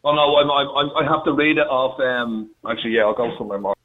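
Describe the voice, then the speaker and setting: A man's voice: mid-range voice, fast, a loud crowd. A man calling a radio show on speakerphone, reading out a cheeky poem and joking with the host. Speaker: caller reciting a poem. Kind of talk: phone call, reading a poem aloud. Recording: tinny phone line on speakerphone.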